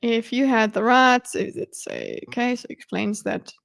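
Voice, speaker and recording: A woman's voice: a little high, wildly swooping pitch, measured pace, creaky, fairly bright tone. A woman streamer talking casually as she reads out and picks apart a debate, with joking asides and half-muttered notes to herself. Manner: chatty, muttering asides while reading along. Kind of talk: casual livestream commentary.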